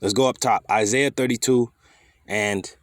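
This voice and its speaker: A man's voice: mid-range voice, fairly even intonation, moderate pace, dry recording, studio quality. A man teaching scripture in a fiery, scolding way, swearing freely and firing rhetorical questions. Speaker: preacher.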